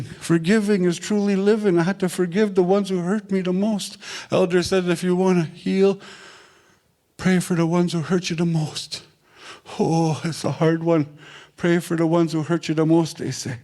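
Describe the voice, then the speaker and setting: Earnest man, higher-pitched voice. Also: a little mellow. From Manitoba, Canada. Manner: earnest, repetitive, plain-spoken. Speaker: invited speaker. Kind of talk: personal storytelling talk.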